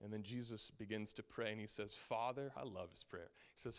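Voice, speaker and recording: Guy preaching, super animated, chatty storyteller vibe, lots of "like". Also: lowish voice, brisk, few pauses. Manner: animated, casual storytelling with frequent "like". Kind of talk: sermon.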